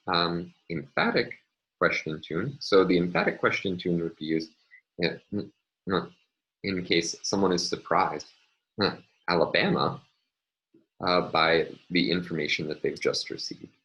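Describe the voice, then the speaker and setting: A man with a very low voice talks through a recorded linguistics lesson at his computer. He moves methodically from point to point, filling pauses with ums and uhs while he annotates on screen. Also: animated, fairly bright tone, lo-fi sound. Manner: methodical, explains step by step with frequent ums and uhs. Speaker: linguistics lecturer.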